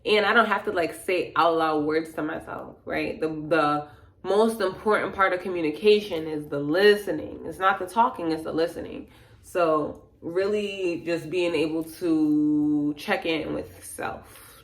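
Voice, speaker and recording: A young woman giving a casual, slangy wellness talk that turns into a soft guided meditation, recorded indoors at home. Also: deep voice, a little slow, reverberant. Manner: relaxed, slangy, soft-spoken, drifts into near-whisper. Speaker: wellness vlogger.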